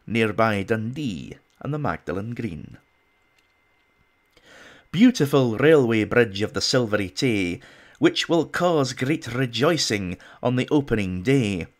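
A man putting on a Scottish accent to play a pompous Victorian poet, reciting verse in a grand, sing-song way. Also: mid-range voice. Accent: put-on Scottish. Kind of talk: dramatic poetry recital.

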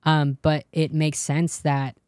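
In a clean, dry studio recording, a young woman from California shares her personal testimony as an interview guest. Her voice is low and darkish, her delivery flat and slow. She speaks earnestly and acts out what the people in her story said.

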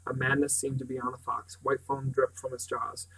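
Husky-voiced man reading a novel aloud. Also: mid-range voice, level tone, moderate pace, fairly bright tone, rough recording. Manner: stumbles and restarts words. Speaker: narrator. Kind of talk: audiobook reading.

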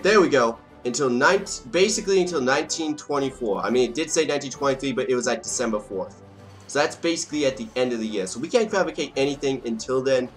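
A man's voice: mid-range voice, fairly bright tone. A young man casually commenting on his strategy game as he plays, joking and talking to the nations on screen. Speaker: let's play gamer. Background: faint game music.

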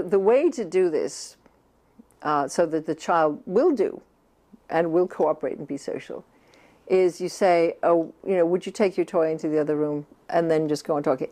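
An older woman from the United States, a therapist and author, answering interview questions in a thoughtful, halting way with many restarts. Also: medium pitch, a little mellow.

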